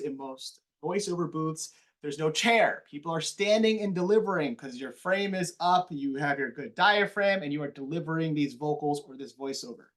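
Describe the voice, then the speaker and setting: The speaker is a TV news anchor delivering a relaxed lecture as a guest in a classroom. His pitch sits fairly high, and he rattles along in lively bursts with a faint mumble.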